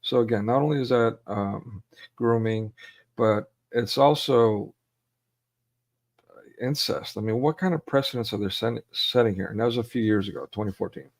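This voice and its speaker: Co-hosting a casual chat on a video call, this forties-aged man has a gravelly, low-leaning voice and keeps a moderate pace. His earnest delivery turns emotionally heated, and he frequently starts sentences over.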